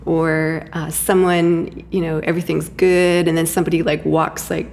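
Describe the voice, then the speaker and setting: A woman's voice: sits low, little pitch movement, moderate pace, vocal fry, a little mellow, slight background noise. A woman being interviewed, reflecting in a conversational way, hesitant, with many fillers and restarts. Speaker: interview guest.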